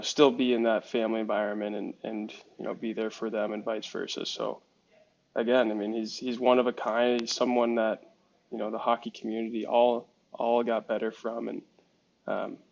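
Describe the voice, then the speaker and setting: A man's voice: medium pitch, creaky, muffled recording. A young man from Alaska, a hockey goaltender guest, giving earnest, reflective answers with many fillers. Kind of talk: podcast interview answers.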